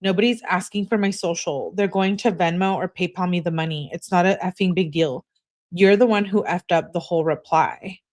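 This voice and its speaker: A bossy young girlfriend scolds and insults her boyfriend by text, read aloud by a woman. The voice sits a little low, and the texts come out as plain reading rather than acting. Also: moderate pace, a little mellow, natural voice. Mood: scolding.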